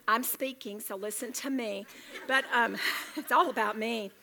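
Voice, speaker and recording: A woman's voice: a little high, a little slow, gravelly, bright, forceful tone. Chatty, earnest woman speaker. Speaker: women's Bible study speaker. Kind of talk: sermon. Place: room with tables of women.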